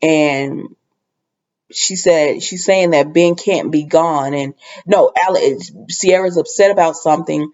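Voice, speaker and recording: A woman's voice: low-pitched, takes it slowly, darkish tone, lo-fi sound. A woman casually recapping a soap opera episode, rambling with lots of fillers and asides.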